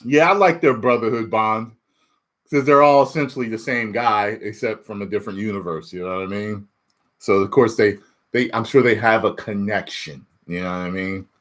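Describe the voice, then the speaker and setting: Speaking at a moderate pace in a lowish voice, this male YouTube reviewer reads chat questions aloud during relaxed spoiler talk. His manner is animated, with frequent laughter and shifts from loud to muttered.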